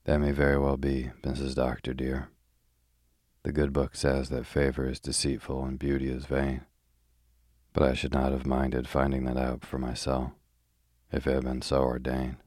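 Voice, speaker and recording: A man's voice: very deep voice, monotone, normal speed, a little mellow, no room sound, clean studio sound. A man reading as a prim, gossipy old housekeeper. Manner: chatty, prim, old-fashioned. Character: gossiping pious older spinster housekeeper woman. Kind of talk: sleepy bedtime audiobook reading.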